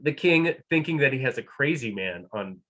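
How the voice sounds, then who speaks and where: A man telling a folk tale at a live storytelling event, playful and animated, dropping to a hush and rising again. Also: medium pitch, normal speed. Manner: animated, playful, shifts between hushed and loud.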